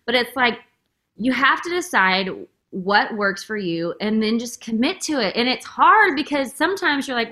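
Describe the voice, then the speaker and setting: A woman hosts a podcast and chats openly and effusively in an emotional way. Her talk is full of "like," and her tone is bright and forward. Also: on the high side, animated, moderate pace. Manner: emotional, effusive, says "like" constantly. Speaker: podcast host. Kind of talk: casual interview chat.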